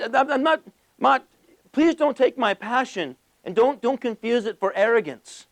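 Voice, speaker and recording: A man giving a passionate motivational business speech to a live audience, emphatic and full of rhetorical questions and rapid-fire lists. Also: very high-pitched. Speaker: motivational speaker.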